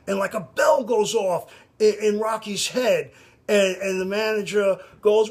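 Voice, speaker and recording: A man's voice: high voice, a little slow. A man making a casual, rambling appeal to a band, full of restarts and repeated "you know". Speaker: fan addressing a band. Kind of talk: casual direct-to-camera appeal.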